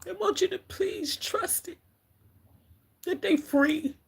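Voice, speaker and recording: A middle-aged woman gives an emotional, halting spiritual message on a livestream, often calling her viewers "collective.". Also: extremely high pitch, creaky. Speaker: spiritual reader.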